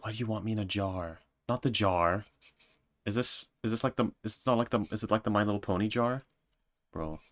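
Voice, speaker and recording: A man's voice: lowish voice, fairly quick, dry recording. A man streaming and reading viewer comments in a joking, self-mocking casual chat.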